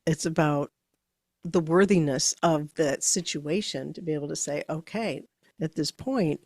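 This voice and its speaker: A woman's voice: low voice, unhurried, a little mellow, dry recording, studio quality. A woman co-hosting a podcast, thinking aloud and searching for words as she talks. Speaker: podcast co-host. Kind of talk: casual podcast conversation.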